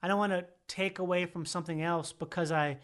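Man, high voice, rambling, restarts sentences, casual chat. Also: fairly even intonation, brisk, fairly bright tone. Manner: rambling, self-correcting, laughing.

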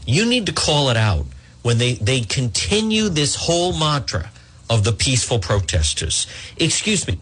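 A male talk radio host with a husky, somewhat raised voice. He rants with indignation, and his pitch swings widely as he leans into his points. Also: a bit bright. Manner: indignant, ranting, reads live ads.

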